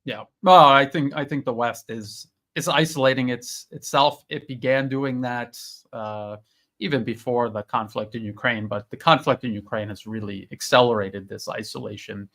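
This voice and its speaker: A man hosting a livestream who responds to his guest with measured analysis. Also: medium pitch, steady tone, a bit bright. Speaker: host. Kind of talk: livestream discussion.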